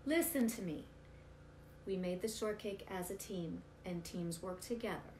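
A woman's voice: fairly low pitch, measured pace, a little mellow, close to an everyday voice. Woman voicing a bossy rooster cook. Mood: eager. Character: bossy male rooster cook leading the team. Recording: roomy with faint noise.

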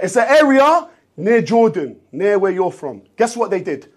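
Guy, high husky voice, animated comic storyteller. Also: normal speed. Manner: animated, repetitive, bursts into shouting. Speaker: streamer in a therapy skit.

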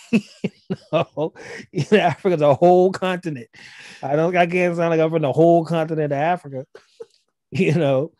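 A man with a Gullah Geechee accent talks on a podcast, explaining things in a relaxed, rambling way. His voice sits fairly high for a man but sounds dark and mellow, recorded dry and close. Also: normal speed, pauses often, dry recording. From South Carolina, US. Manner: explanatory, loose and chatty, many fillers. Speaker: guest, language instructor. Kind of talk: casual podcast conversation.

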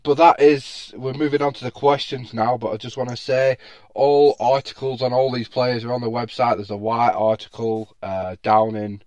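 A man hosts a casual football podcast, chatty and quick to laugh, with plenty of ums along the way. His voice sits in the middle range. It sounds close and dry, with no room sound. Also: mid-range voice, darkish tone, dry recording. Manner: chatty, laughs often, many fillers. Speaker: podcast host.

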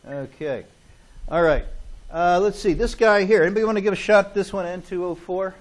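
A man's voice: high voice, fairly quick. Joking man giving a chemistry lecture. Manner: joking, chatty, asks "okay?" often. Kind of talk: classroom lecture. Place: lecture classroom. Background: students in class.

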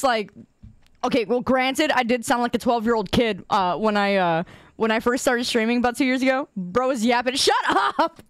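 Giggly high-voiced woman streamer. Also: no echo. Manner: giggly, playfully teasing, laughs often. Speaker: live streamer chatting with viewers. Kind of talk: casual chat with stream viewers.

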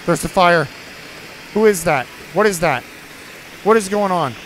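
A man's voice: sits high, animated, a little slow, a bit bright, slight background noise. A young man hosting a gaming video, giving jumpy, swearing let's play commentary while talking to himself and his viewers. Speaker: gaming channel host.

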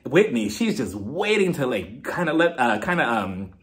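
Chatty gossiping man with a lively voice. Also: medium pitch, normal speed. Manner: chatty, gossipy, filler-heavy with lots of "like" and "I mean". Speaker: reality TV recap host. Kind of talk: casual episode recap.

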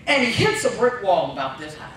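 A man delivers a comic speech full of family anecdotes, his voice leaping up and down with lively expression. He is heard from well back in a very echoey hall. A faint background noise sits under him. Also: high voice, fairly quick, far from the mic. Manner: storytelling with punchlines, animated. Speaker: speech contestant. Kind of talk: humorous speech.

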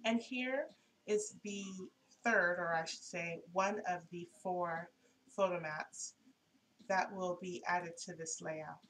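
A woman's voice: lowish voice, fairly even intonation, slow, a bit bright, a little hiss or hum, rough recording. A woman hosting a casual craft tutorial, showing her pieces in a chatty, homey way and correcting herself as she goes.

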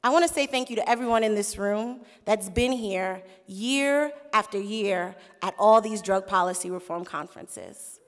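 A woman's voice: mid-range voice, normal speed, few pauses. A young woman giving a playful, sassy speech to a conference crowd, laughing often. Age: young adult. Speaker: conference speaker. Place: large conference hall. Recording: reverberant hall with crowd.

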